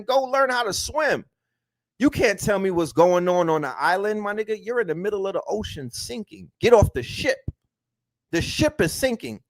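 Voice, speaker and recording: A man hosting an online talk, speaking emphatically with slang and lots of repetition. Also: sits high. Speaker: host. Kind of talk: animated lecture-style talk.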